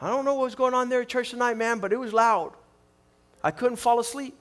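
A middle-aged man preaching a sermon with animated, quick bursts and repeated words. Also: very high voice.

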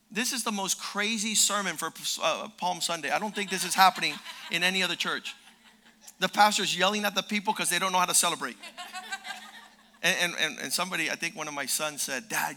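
An older man preaching a sermon as pastor, fervent and emphatic, repeating words and rising to shouted peaks. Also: sits high.

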